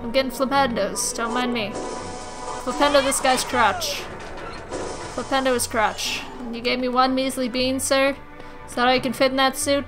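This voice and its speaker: A woman's voice: high-pitched, level tone, moderate pace. Tipsy, foul-mouthed young woman gamer. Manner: brash, foul-mouthed, chatty. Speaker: gaming host. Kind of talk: drunk let's-play commentary. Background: game music.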